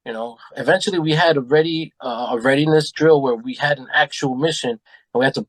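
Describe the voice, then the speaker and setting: A man telling animated stories in a casual podcast chat, acting out what people said and swearing freely. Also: mid-range voice, a little fast, dry recording. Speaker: podcast guest. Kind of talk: casual storytelling.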